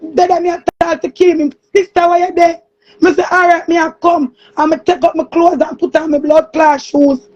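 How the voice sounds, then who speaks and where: A woman with a Jamaican accent in an angry, cursing monologue, often shouting. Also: very high-pitched, steady tone, moderate pace. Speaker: streamer. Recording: muffled lo-fi recording.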